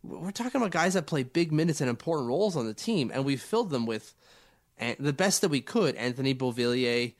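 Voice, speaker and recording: A man's voice: mid-range voice, expressive, brisk. Man chatting while getting over a cold. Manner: rambling, stammering restarts. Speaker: podcast co-host. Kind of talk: casual sports chat.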